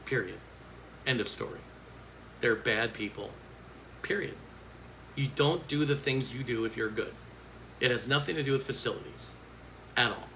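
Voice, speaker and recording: A man's voice: mid-range voice, moderate pace, long pauses, pushed and bright, a little hiss or hum, poor audio. Blunt, profane man ranting. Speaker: coach. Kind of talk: angry vlog rant.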